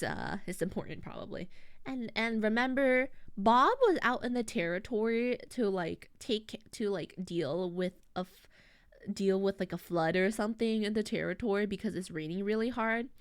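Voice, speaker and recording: A woman streaming as a VTuber, recapping a story to her chat in a rambling, animated way, full of fillers and internet slang. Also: medium pitch, moderate pace, dry recording, studio quality.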